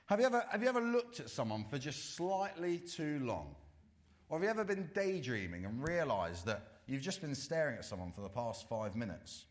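Male preacher, very animated intonation, sermon delivery, dramatic drops to a hush. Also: a little high. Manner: dramatic swings from loud to hushed, slow emphatic warnings.

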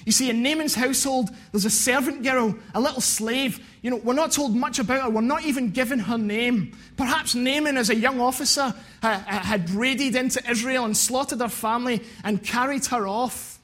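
A man's voice: very high voice, normal speed, few pauses, fairly bright tone. A man preaching a sermon, earnest and repeating phrases for emphasis.

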